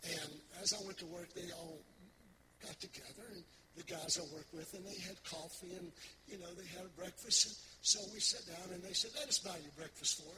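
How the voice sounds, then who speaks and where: A man's voice: high voice, fairly quick. An older man preaching, folksy storytelling full of repetitions as he tells his testimony to the congregation. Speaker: pastor. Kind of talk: sermon testimony. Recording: loud background noise.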